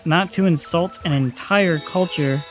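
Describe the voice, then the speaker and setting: Slow-talking man joking on stream. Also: fairly high pitch, fairly bright tone. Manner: slow, joking, reads chat aloud. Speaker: co-commentator. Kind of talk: casual chat on a stream. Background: game music.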